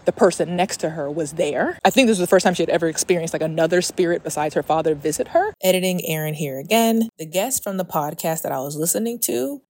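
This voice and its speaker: A young woman hosting a podcast tells a personal story while walking outdoors, casual and animated, swearing freely and often restarting her sentences. Her voice is fairly low, she talks fast with hardly any pauses, and there's no room sound.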